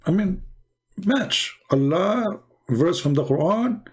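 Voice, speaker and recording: A man giving sarcastic reaction commentary on videos, mocking and chuckling, in broken English, his voice going hoarse. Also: high voice, lively intonation, slow pace. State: losing his voice.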